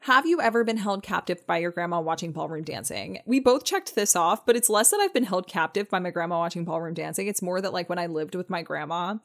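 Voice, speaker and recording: A woman's voice: on the low side, lively intonation, quick pace, few pauses. A woman co-hosting a podcast, chatting casually and eagerly affirming her partner. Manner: enthusiastic, affirming listener. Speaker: podcast co-host. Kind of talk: casual chat.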